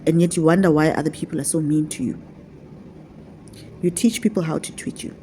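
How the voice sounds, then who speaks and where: A woman's voice: deep voice, fairly even intonation, brisk, mellow, slight background noise. A woman talking to her viewers as a spiritual teacher, repeating her points in a coaxing, affectionate way. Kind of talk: casual vlog teaching.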